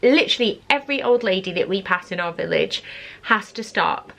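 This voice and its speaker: A woman's voice: medium pitch, expressive, brisk, creaky, a bit bright. A young woman, a mum of three, chatting casually to camera in a gushing, chatty way, sometimes slipping into sing-song baby talk. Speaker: parenting vlogger, mum of three.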